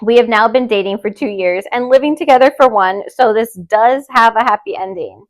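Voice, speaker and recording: A young woman hosting a podcast, reading listener stories aloud and chatting in an expressive, openly emotional way. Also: on the high side, brisk. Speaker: podcast host.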